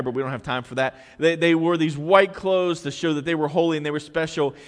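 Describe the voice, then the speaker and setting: A man preaching a sermon as a pastor, swinging between loud, emphatic stretches and hushed, quiet ones. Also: on the high side, big-room sound. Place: church sanctuary.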